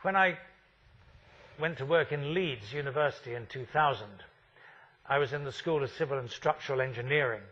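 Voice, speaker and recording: A man's voice: mid-range voice, moderate pace, a bit bright, highs cut off. A man in his fifties giving a university architecture lecture, wry and full of rhetorical questions.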